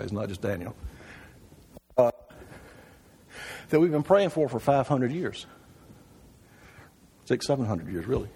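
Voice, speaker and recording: A man's voice: mid-range voice, darkish tone, breathy edge. A man teaching an informal church Bible class, often asking the room questions and checking in with "right?". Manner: conversational, asks the class questions with frequent "right?".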